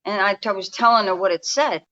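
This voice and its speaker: Bright-voiced New woman in her fifties. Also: mid-range voice, a little fast, muffled recording. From New York. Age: 50s. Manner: rambling, restarts often, speaks in a confiding way. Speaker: guest energy healer. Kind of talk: casual storytelling interview. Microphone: remote call.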